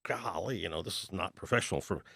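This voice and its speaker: A man's voice: low voice, fast talker, gravelly, breathy edge, dry recording, studio quality. A middle-aged man, a real estate investor telling folksy stories in a podcast interview and acting out the people in them. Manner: folksy, animated storyteller acting out dialogue.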